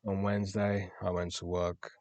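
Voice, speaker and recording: Deep, flat-voiced young man, confessional. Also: dry recording. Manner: candid, self-reflective, pauses on words. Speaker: podcast host. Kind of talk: personal diary-style monologue.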